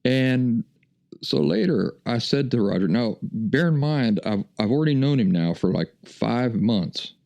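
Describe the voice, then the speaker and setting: A man's voice: medium pitch, lively intonation, takes it slowly, gravelly, darkish tone. A middle-aged man hosting a podcast, telling a personal story in a folksy, chuckling, casual way. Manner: folksy, chuckling anecdotal delivery. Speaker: podcast host.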